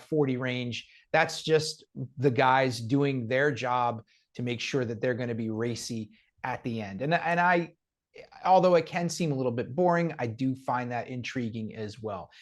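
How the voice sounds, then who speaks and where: Man, podcast co-host, casual chat, measured, explanatory, medium pitch. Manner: measured, thoughtful, explains at length.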